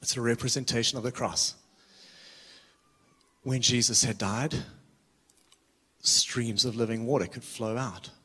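A man's voice: mid-range voice, steady tone, unhurried, pauses often, pushed and bright, breathy edge. A man preaching a sermon with urgency, earnest and a little self-deprecating, often restarting his words. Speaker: visiting preacher.

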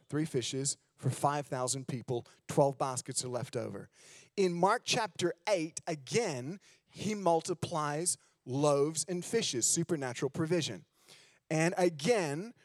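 A man's voice: on the high side, dry recording, clean studio sound. A man from Australia with an American accent, preaching a sermon as a guest preacher and leading prayer, fervent and fond of repeating "just". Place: decorated church hall.

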